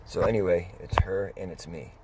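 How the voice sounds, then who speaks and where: Middle-aged man, low voice, casual storyteller who rambles with pauses and restarts. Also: fairly even intonation, creaky, background noise. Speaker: dog vlogger.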